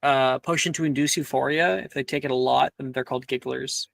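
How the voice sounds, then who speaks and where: A man running a tabletop game as game master, laid-back and quick to laugh. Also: mid-range voice, fairly even intonation, gravelly, fairly bright tone, dry recording. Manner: laid-back, laughs often, voices characters briefly.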